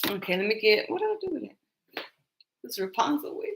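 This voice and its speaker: An older woman runs a tarot livestream, chatting loosely and rambling with her viewers, laughing often and talking straight to them. Her voice sits on the high side, sing-song and gravelly, and she speaks a little fast over background noise.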